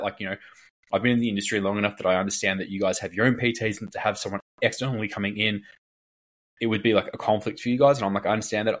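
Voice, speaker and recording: A man's voice: on the low side, steady tone, fast talker. A man, a fitness coach, chatting casually on a podcast and telling a long story full of filler words while acting out what other people said. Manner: rambling storyteller, heavy filler words, acts out quoted people.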